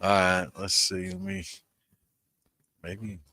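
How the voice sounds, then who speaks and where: A man's voice: sits low, monotone, slow pace, pushed and bright, dry recording. Profane drawling man in his 60s. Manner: profane, rambling, calls out viewers by name. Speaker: host of a moonshine livestream. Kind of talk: casual livestream chat.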